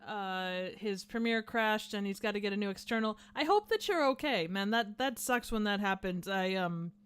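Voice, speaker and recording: A woman's voice: medium pitch, animated, moderate pace, a bit bright, clean tone. Giggly Midwestern woman hosting a livestream. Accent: Midwestern American. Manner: giggly, laughs often, chatty. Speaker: livestream host reading chat. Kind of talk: casual chat.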